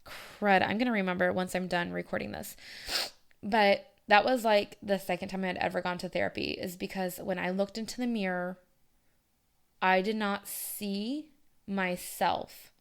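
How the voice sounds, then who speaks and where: A woman's voice: mid-range voice, fairly even intonation, normal speed, vocal fry, smooth. A young woman hosting her own podcast, talking candidly and rambling a little, with many fillers. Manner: candid, rambling, says "like" often. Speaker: podcast host. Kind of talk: personal podcast monologue.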